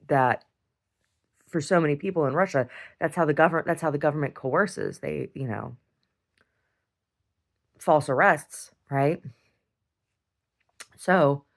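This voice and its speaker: A woman talking casually in a video diary, rambling and often repeating words and restarting sentences. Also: low voice. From United States. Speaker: video diarist.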